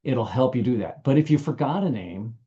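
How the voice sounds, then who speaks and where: A man's voice: mid-range voice, expressive, brisk, dark tone, muffled recording. An older American man giving an informal training talk, folksy and anecdotal, often restarting his sentences. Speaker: business trainer.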